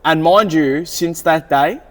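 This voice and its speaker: A man's voice: a little high, slow, big-room sound. A man, co-hosting a casual chat, telling stories earnestly and with animation. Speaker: podcast co-host, car salesman.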